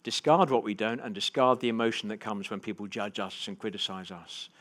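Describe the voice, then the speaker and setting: A man giving a motivational keynote to a live audience, telling personal stories with big swings between hushed and loud delivery. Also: lowish voice, a little fast. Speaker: keynote speaker. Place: conference stage before a live audience.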